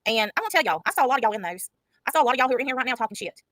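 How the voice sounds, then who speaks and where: A woman's voice: fairly high pitch, expressive, rapid-fire, a bit bright, dry recording, rough recording. A woman hosting a casual livestream, blunt and profane, mocking the people she talks about. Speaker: livestream host.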